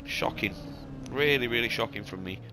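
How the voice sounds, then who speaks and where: Sweary lad ranting over a racing game. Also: male voice, medium pitch, normal speed. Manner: sweary, blunt, exasperated ranting. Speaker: gaming YouTuber. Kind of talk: casual gameplay commentary. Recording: noisy game sounds behind voice. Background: racing game car and engine sounds.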